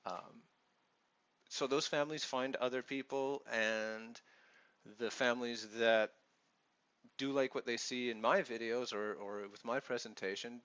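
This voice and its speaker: A man's voice: mid-range voice, fairly even intonation, a little slow, a bit bright, clean tone, dull audio. A man with a Canadian accent who teaches English online, giving earnest, reassuring advice to new teachers in a vlog. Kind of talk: advice vlog talking to camera.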